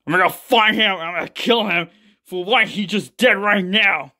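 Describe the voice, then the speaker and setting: A man voicing a hot-tempered, vengeful middle-aged father who shouts and swears. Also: sits high, normal speed, full character voice. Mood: enraged.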